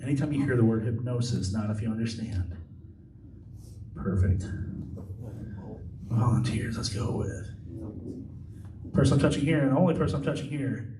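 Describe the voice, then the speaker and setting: A man from Iowa working as a stage hypnotist, giving calm, repetitive suggestions to volunteers in a live show. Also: medium pitch, moderate pace, long pauses, heavy background noise. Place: large indoor hall, school party. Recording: echoey hall from far off with music.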